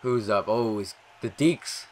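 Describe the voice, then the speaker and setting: A young man giving live commentary over a video game, excitable and rambling, swearing often and talking to himself. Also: fairly low pitch, measured pace, slight background noise. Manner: excitable, swears a lot, rambling self-talk. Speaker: gaming commentator.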